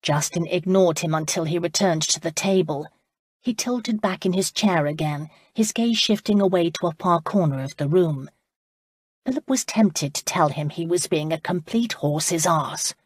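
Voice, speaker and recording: Steady female audiobook narrator, husky timbre, dry close-mic sound. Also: fairly low pitch, normal speed, no echo. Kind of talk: scripted narration.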